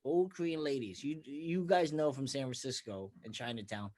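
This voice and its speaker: A man's voice: mid-range voice, normal speed, a little mellow. A man from Pennsylvania, a comedian guest telling profane stories in casual podcast chat and acting out quotes. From Bethlehem, Pennsylvania, USA. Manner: profane, storytelling, acts out quotes.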